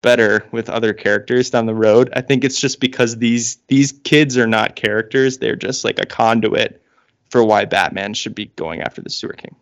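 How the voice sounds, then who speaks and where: A man's voice: mid-range voice, fairly even intonation, normal speed, lo-fi sound. A man co-hosting a podcast, chatting casually in a wry, rambling way with frequent fillers. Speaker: podcast co-host.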